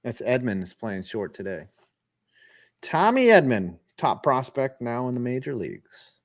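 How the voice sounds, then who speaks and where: Young guy calling the game live, chatty and animated, stumbles over words a lot. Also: medium pitch, unhurried. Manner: animated, restarts often, jokes around. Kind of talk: casual play-by-play chat.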